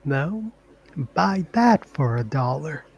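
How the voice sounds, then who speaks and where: A man's voice: a little high, sing-song, takes it slowly, creaky, darkish tone, husky, low-quality recording. A man co-hosting a live auction stream, chatting in a laid-back way with dry interjections. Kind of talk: casual live-stream chat.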